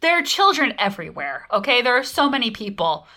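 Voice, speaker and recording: Woman podcast host, higher bright voice, lively laughing storyteller. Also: fairly quick. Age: adult with a child. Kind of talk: casual podcast chat.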